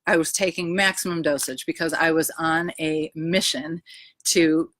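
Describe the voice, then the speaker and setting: A woman's voice: deep voice, steady tone, normal speed, fairly bright tone, dry recording. A woman speaking casually into her phone in her backyard, telling a personal story, emotional and rambling, with many "ums" and "anyways.". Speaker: vlogger sharing a personal health story. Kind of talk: casual live video chat. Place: backyard outdoors.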